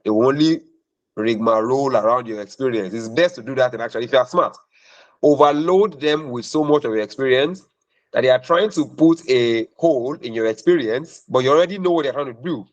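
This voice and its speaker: A man's voice: mid-range voice, brisk, highs cut off. A man talking as a career mentor in a question-and-answer session, emphatic and preachy, repeating points for stress.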